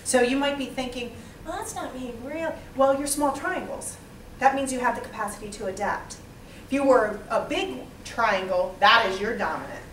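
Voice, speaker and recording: A woman leading a small interactive training session, lively and quizzing the group. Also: on the high side, normal speed, slight background noise. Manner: lively, asks the group questions, acts out types. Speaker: workshop trainer. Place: small training room with a few participants. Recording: echoey room, mic far off.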